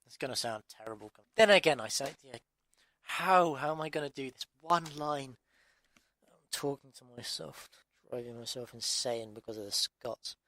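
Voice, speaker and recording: A man's voice: mid-range voice, normal speed, pushed and bright. A man from England, reading his own story aloud and muttering at himself through repeated restarts. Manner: exasperated self-talk with constant restarts. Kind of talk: audiobook narration outtakes.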